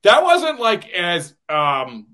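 A male radio broadcaster guests on a podcast in casual conversation. He rambles through anecdotes, often starts his sentences over and chuckles as he goes. His voice sits a little high. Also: huge pitch swings, slow, pushed and bright. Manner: rambling storyteller, many restarts, chuckles often. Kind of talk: casual interview chat.

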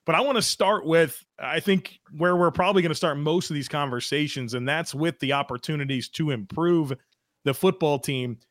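Upbeat male podcaster with a higher voice. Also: normal speed, fairly bright tone, no room sound, clean studio sound. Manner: upbeat, rattles off lists of numbers. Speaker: podcast co-host. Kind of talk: casual sports podcast chat.

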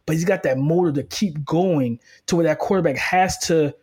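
A man with a somewhat high voice talks football as a co-host in a relaxed podcast chat. He is energetic and quick, restarting his sentences as he builds his points. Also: breathy edge. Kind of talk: casual sports analysis chat.

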